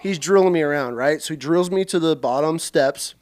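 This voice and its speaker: A man from central Washington who served as a Marine, telling stories on a podcast in a casual, animated way and acting scenes out loudly. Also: fairly high pitch, fairly quick. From central Washington, USA. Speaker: podcast guest, Marine veteran. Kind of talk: casual storytelling.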